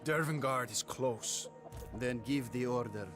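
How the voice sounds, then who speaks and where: A man's voice: mid-range voice, unhurried, a bit bright, lightly acted. A man voicing a dour young soldier of the north. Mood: solemn. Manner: terse and solemn. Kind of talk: video game voice acting. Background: game music.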